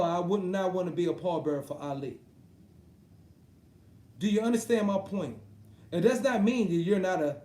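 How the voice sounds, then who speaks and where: A man ranting about boxing to his live viewers, heated and swearing constantly, swinging between loud outbursts and low muttering. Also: echoey room. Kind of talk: profane off-the-cuff rant.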